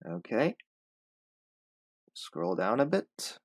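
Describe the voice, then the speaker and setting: A man's voice: on the low side, very animated, drawn-out words, breathy edge, dry recording. A man reading a passage aloud as an English pronunciation teacher, stopping to repeat words and explain how to say them.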